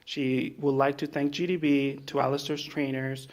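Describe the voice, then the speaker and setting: Man, interpreter at a ceremony, steady mid-pitched delivery with uhs. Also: moderate pace. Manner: steady, filler uhs between phrases. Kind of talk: summarizing a translation.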